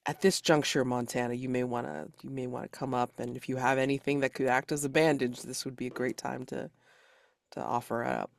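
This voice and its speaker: A man's voice: mid-range voice, flat delivery, brisk, gravelly. A man narrates as game master of a tabletop game, talking in a casual, rambling way full of fillers. The sound is close and dry, with no room echo.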